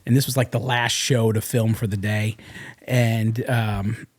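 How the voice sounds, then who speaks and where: A man telling rambling, animated anecdotes as a podcast guest, with many fillers and restarts. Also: lowish voice, measured pace, slightly rough. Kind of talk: casual storytelling. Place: podcast studio.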